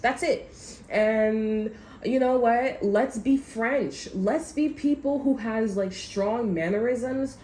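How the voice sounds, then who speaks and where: A woman's voice: fairly high pitch, slow pace, dark tone. A woman doing a casual vlog rant as a tarot reader, rambling, swearing and laughing often. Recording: echoey room with faint noise.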